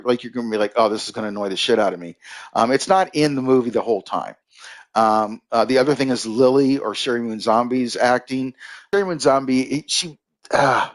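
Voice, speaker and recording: A man giving a casual, rambling movie review on a live stream, full of fillers and restarts, stopping to answer viewers in the chat. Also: mid-range voice.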